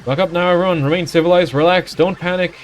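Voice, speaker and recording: A man's voice: sits high, fairly even intonation, fast talker, faint music behind, pitched above the performer's own voice, close to an everyday voice. A man voicing a pompous, vain male merchant captain from a video game, in grand, theatrical formal speech. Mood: pompous alarm. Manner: grandiose, theatrical, old-fashioned formal phrasing.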